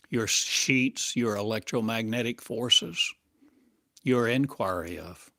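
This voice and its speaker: Male spiritual teacher, channeled sermon, low voice, very slow and halting, dry close sound. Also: a bit bright, no echo. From United States. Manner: slow, halting, cryptic phrasing.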